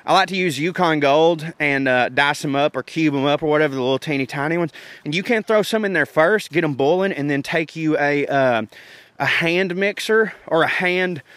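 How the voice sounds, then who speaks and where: This podcast host's voice is a little high, a bit bright, and smooth, at a moderate pace with no echo. He chats casually about cooking, rambling through a recipe with folksy, profane jokes.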